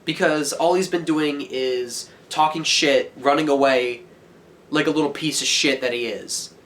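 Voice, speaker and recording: Angry teenage guy ranting, higher-pitched. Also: a little slow, a little hiss or hum. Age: teens. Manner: heated, profane, yelling. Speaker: vlogger. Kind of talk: angry rant to camera.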